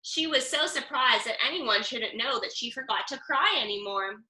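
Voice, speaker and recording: A woman reading a picture book aloud with lively, expressive storytelling. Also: a little high, moderate pace, roomy sound, rough recording. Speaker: storybook reader.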